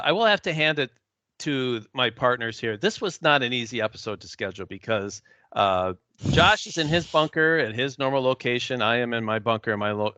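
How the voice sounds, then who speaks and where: A man's voice: mid-range voice, pushed and bright, no room sound. A man hosting a casual podcast over an online call, easygoing and self-deprecating, tired after a flight. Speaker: podcast host. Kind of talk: casual chat.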